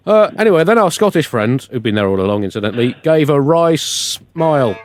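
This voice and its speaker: A man co-hosting a satirical comedy podcast, telling a string of puns with mock outrage and deadpan delivery. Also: mid-range voice, fairly quick, hardly any pauses, a little hiss or hum. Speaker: podcast co-host.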